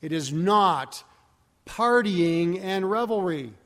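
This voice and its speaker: Casting: man preaching, fairly high voice, long hall reverb, reads verses with lift. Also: lively intonation, slow, a bit bright. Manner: reads scripture aloud with rising emphasis, digresses and corrects himself. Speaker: pastor. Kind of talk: sermon.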